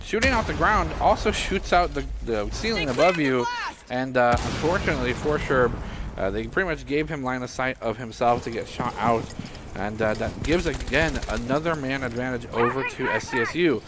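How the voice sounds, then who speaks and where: A man's voice: medium pitch, normal speed. A man giving color commentary on an esports match, analytical with frequent filler "uh"s. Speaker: esports caster. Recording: noisy background.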